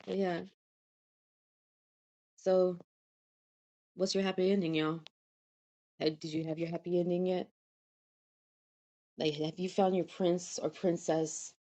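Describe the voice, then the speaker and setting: A woman's voice: on the low side, level tone, takes it slowly, pauses often, warm tone, dull audio. A woman who hosts a podcast, reading a storybook tale aloud and then chatting about it in a gushing, chatty way with frequent laughter. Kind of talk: storybook reading and casual chat.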